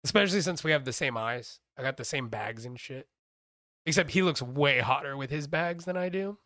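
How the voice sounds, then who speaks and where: A man's voice: mid-range voice, fairly quick, bright, forceful tone, no room sound, clean studio sound. A man hosting a podcast, rambling and joking casually with plenty of swearing and a Texan accent. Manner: rambling, profane, jokey. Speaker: podcast host. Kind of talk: casual chat.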